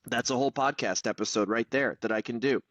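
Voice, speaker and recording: A man's voice: mid-range voice, fast, fairly bright tone, no echo, rough recording. A man, hosting a podcast and telling a personal story candidly, with casual swearing. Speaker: podcast host.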